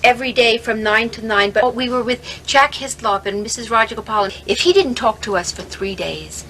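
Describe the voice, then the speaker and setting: A woman in casual conversation, adding brisk recollections and backing up the other speaker. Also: a little high, sharp tone, a little hiss or hum, poor audio. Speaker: devotee. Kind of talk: casual chat.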